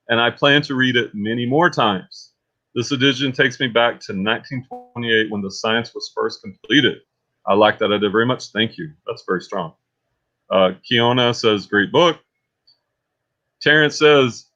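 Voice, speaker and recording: A man hosting a casual live stream, animated and chatty, reading book reviews aloud with a Texan accent. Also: medium pitch, moderate pace. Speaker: host. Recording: slightly muffled live-stream audio.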